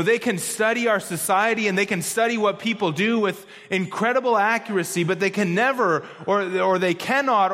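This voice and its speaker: A man preaching a sermon as pastor, emphatic, repeating key phrases and slowing down to stress them. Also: sits high, a bit bright, in a large hall.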